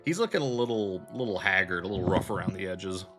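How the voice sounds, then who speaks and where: Low-voiced man running a tabletop game. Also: expressive, fast talker, a bit bright, faint music behind. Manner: loose, filler-heavy narration. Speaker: game master.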